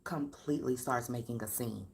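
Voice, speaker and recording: A woman's voice: a bass voice, moderate pace, creaky. A woman giving casual live-stream commentary, speaking emphatically, repeating her points and talking straight to her viewers. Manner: addresses viewers directly.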